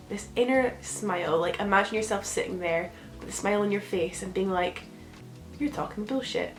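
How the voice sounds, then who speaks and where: A young woman speaks in a gentle, reflective, rambling way, sharing casual advice straight to camera. Her voice bounces around a reverberant room. Faint music plays in the background. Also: medium pitch. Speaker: vlogger.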